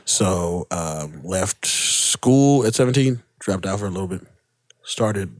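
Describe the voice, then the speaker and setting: A man's voice: low-pitched, animated, slow, no room sound. Young guy telling rambling swear-heavy stories on a podcast, dry close sound. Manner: laid-back, profane, rambling anecdotes. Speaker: stand-up comedian guest. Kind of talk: casual podcast storytelling.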